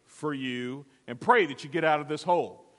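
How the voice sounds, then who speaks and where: A man's voice: on the high side, moderate pace, fairly bright tone, lightly acted. A man voicing a pious religious passerby who offers prayers and moves on. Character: pious religious man, polite but detached. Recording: long hall reverb.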